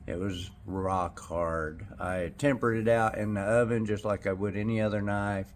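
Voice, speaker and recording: A man's voice: fairly low pitch, fairly even intonation, normal speed. A man making a small knife in his workshop, chatting casually and thinking aloud as he works. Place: forge workshop.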